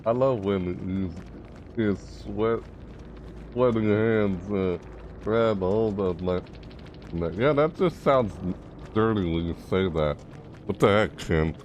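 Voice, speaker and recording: Low-voiced man commenting on a game. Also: takes it slowly, long pauses, slight background noise. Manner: chatty, reacts loudly, talks to himself. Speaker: gaming YouTuber. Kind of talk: casual gameplay commentary.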